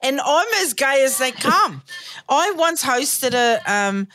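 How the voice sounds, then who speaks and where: A woman's voice: sits high, animated, pushed and bright, a little hiss or hum. A woman in her late forties hosting a podcast, telling brash, swear-heavy stories in casual chat. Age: 40s. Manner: brash, storytelling, quick to joke and swear. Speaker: podcast host.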